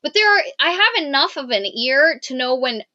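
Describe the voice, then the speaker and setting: A woman's voice: high-pitched, big pitch swings, moderate pace, bright, forceful tone. A woman of Cypriot family co-hosting a podcast, chatting casually and rambling with lots of fillers and restarts. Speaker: podcast co-host. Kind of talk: casual book review chat. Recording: muffled lo-fi mic.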